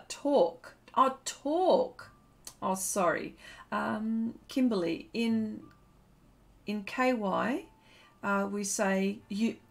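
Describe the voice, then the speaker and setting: A woman hosting a live painting stream, chatting casually and laughing as she reads comments aloud. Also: medium pitch.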